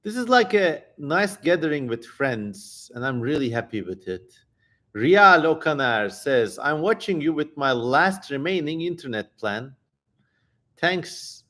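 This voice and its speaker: A man hosting a live stream, chatting casually and reading viewer comments aloud in a relaxed, easygoing way. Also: on the high side.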